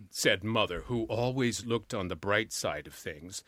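A male actor narrating a comic story in a lively, animated storytelling voice. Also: fairly low pitch, unhurried, hardly any pauses, dry recording.

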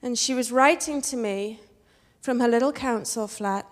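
A woman with an English accent telling a personal story on stage in a wry, expressive way. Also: fairly high pitch, normal speed, big-room sound. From England. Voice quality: wry, expressive, switches between posh and street voices.

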